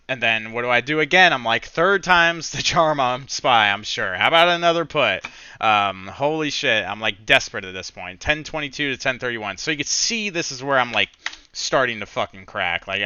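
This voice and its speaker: A man's voice: medium pitch, pushed and bright, smooth, no room sound, muffled recording. A man recapping his own trading day, candid, rambling, self-critical and swearing freely as he walks through his losses. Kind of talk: casual screen-share trading recap.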